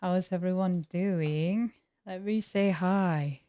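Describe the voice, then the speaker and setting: A woman's voice: on the low side, slow pace, warm tone, clean tone, dry recording. Woman streamer, laid-back casual chat, giggly, dry close sound. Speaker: game streamer. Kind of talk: casual chat with live viewers.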